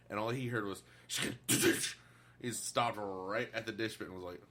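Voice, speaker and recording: A man's voice: lowish voice, fairly even intonation, takes it slowly, pushed and bright. A man telling work stories in casual podcast chat, laughing often and swearing freely. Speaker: podcast co-host.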